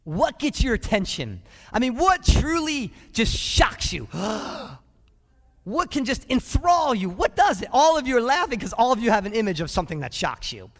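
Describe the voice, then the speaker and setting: A man with a high voice preaches a sermon as a pastor, speaking in a lively way and often asking questions of his listeners. His voice rings out with a long reverb in a large hall. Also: normal speed. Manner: lively, asks the congregation questions.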